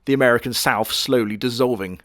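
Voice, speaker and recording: A man's voice: medium pitch, a little fast, a bit bright, no echo, clean studio sound. A man giving crude, sarcastic comedic commentary on an anime, full of mocking asides. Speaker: anime reviewer.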